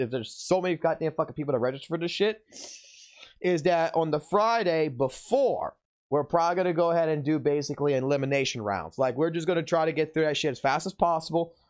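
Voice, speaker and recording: Male game streamer, profane and ranting, voice a touch above the usual male range. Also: a little high. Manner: profane, ranting, heavy cursing. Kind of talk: casual livestream talk.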